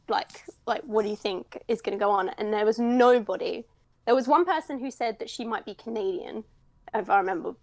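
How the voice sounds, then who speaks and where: A woman's voice: fairly high pitch, no room sound. Giggly young British woman, close and dry. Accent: British English. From United Kingdom. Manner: giggly, self-deprecating, rambling storyteller. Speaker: voice actress guest. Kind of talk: casual interview chat.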